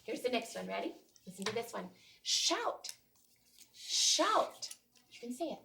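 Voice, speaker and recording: A woman teacher leading a small group through a phonics lesson, patiently and encouragingly modeling each sound clearly. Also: medium pitch, racing. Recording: distant mic with faint noise.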